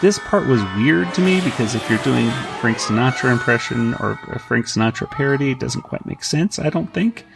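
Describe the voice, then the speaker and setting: A man's voice: mid-range voice, animated, moderate pace, gravelly, few pauses, music in the background. A man co-hosting a podcast, casually recapping a comic and acting out the characters' lines in raised voices, with many fillers. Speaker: podcast co-host.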